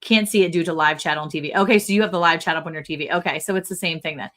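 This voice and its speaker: A woman's voice: deep voice, rapid-fire, fairly bright tone. A woman co-hosting a casual livestream from her ranch, rambling and chatty, often correcting herself mid-sentence. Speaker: livestream co-host. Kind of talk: casual live-stream chat.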